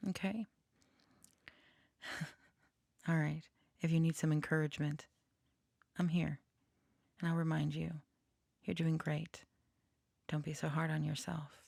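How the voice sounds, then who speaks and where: A woman channeler talking casually and reflectively at home, often dropping to a soft whisper. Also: sits low, gravelly, no echo, clean studio sound. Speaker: channeler and tarot reader. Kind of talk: casual chat with channeled messages.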